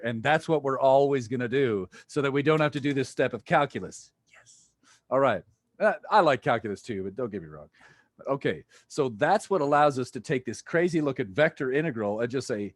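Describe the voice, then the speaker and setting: Playful physics lecturer on a video call. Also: male voice, mid-range voice, animated, normal speed, dry recording, studio quality. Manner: playful, jokey, quizzes students. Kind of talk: online lecture.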